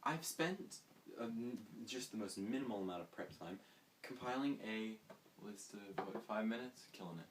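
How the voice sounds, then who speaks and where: Low-voiced guy rambling through a comedy bit, pokes fun at himself, mic a bit far off with some hiss. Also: expressive, moderate pace. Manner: rambling, self-mocking, sarcastic asides. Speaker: host. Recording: distant mic with faint hiss.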